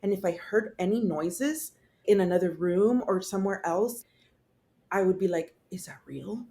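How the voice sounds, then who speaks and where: Young woman guest, raw and candid storytelling, casual swearing, mid-pitched voice. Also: lively intonation, normal speed, dark tone. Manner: candid, casual, swearing, many fillers and restarts. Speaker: podcast guest. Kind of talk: emotional personal storytelling.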